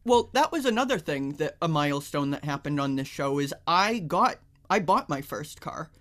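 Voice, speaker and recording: A man's voice: on the high side, animated, moderate pace, a bit bright. A young adult man co-hosting a podcast, telling things in a blunt, wry, matter-of-fact way in casual chat. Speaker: podcast co-host.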